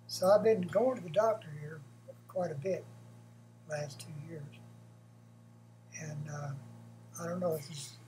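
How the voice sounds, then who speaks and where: A man, short of breath, giving a blunt, halting opinion monologue for his vlog from home. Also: sits high, mellow, a little hiss or hum, rough recording. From United States. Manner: halting, blunt, with frequent pauses and restarts. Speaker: vlogger.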